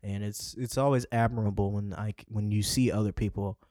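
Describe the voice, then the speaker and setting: Profane young man with a low voice. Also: fairly even intonation, a little fast, a little mellow, no room sound, clean studio sound. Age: 20s. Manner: loose, rambling and profane. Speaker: podcast co-host. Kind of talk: casual chat. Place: indoors by a window.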